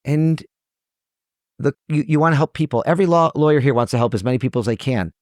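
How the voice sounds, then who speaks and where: A man's voice: mid-range voice, fast, a little mellow, no room sound, clean studio sound. A middle-aged man, a trial lawyer, talking earnestly and emotionally as a podcast guest, often restarting his sentences. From Michigan, USA. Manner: earnest, emotional, many restarts and self-corrections. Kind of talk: conversational interview.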